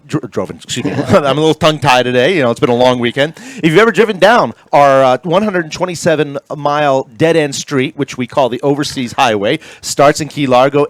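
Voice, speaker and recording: A man's voice: medium pitch, no room sound. Chatty upbeat man hosting a live radio talk show. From Florida Keys. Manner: chatty, jokey, upbeat promoter. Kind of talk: casual live broadcast chat.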